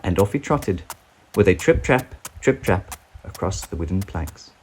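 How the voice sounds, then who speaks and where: A man reading a children's storybook aloud with an expressive, sing-song delivery. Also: sits low, a little slow, slight background noise, rough recording.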